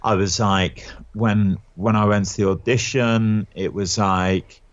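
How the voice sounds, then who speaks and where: A man's voice: on the low side, little pitch movement, slow, no echo, lo-fi sound. A male actor guest chatting casually, rambling and self-deprecating with plenty of fillers and laughs. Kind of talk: casual anecdotal chat.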